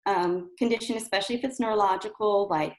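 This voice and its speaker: A woman voice therapist giving a calm, patient exercise lesson, demonstrating soft hums and chanted syllables. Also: medium pitch, quick pace. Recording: roomy echo.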